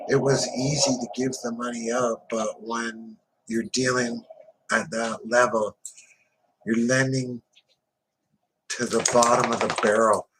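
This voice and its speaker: A man tells a crime memoir in the first person, speaking slowly and deliberately. His delivery is blunt and profane, with a tough-guy edge, at a middle pitch. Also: fairly bright tone, a little hiss or hum, low-quality recording. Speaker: narrator.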